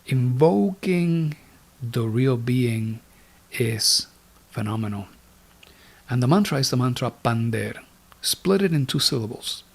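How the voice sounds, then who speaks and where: A man with a gravelly, creaky voice gives a spiritual lecture on meditation. He speaks slowly and deliberately at an ordinary pitch, guiding like an instructor and letting some words sink to a whisper. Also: animated. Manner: slow, deliberate teaching with words dropped to a whisper.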